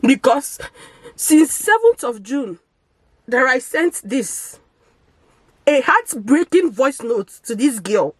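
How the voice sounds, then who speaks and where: A woman's voice: high-pitched, sing-song, takes it slowly, long pauses, husky, low-quality recording. Tearful Nigerian woman confessing on camera. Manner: pleading, wounded and insistent. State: crying. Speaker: vlogger. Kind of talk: emotional personal confession to camera. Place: village church compound.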